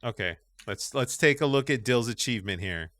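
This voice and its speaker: A man's voice: medium pitch, lively intonation, fairly quick, fairly bright tone, no echo. A man co-hosting a gaming podcast, teasing his friends and laughing often. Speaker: podcast co-host. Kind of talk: casual chat.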